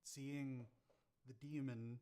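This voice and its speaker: A man's voice: medium pitch, flat delivery, slow, dark tone, clear, resonant tone. A young man running a tabletop game as game master, narrating unhurriedly with many fillers.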